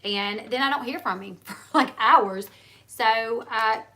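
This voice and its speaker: Chatty woman cutting in a lot, kinda high and bright. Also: unhurried, a little hiss or hum. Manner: chatty, interjecting, stammers when explaining herself. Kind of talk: casual chat.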